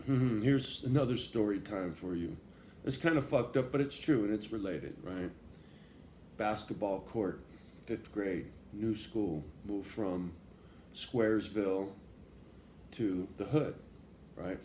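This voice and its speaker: A man's voice: fairly low pitch, a little mellow. A man telling a personal story in a casual, profane way, full of street slang and tag questions. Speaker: vlogger. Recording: echoey room with faint background noise.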